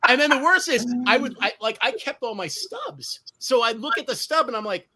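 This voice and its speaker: A man's voice: very high voice, fairly quick. A man on a video call telling profane, laughing party stories to friends in casual chat. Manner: profane, laughing, animated storyteller. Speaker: host reminiscing with friends.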